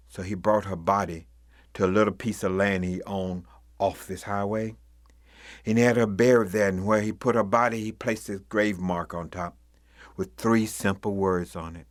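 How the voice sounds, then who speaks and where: Low-voiced man telling a ghost story. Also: normal speed, no room sound, clean studio sound. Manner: dramatic, swelling loud and high for mob cries, dropping to near-whispers.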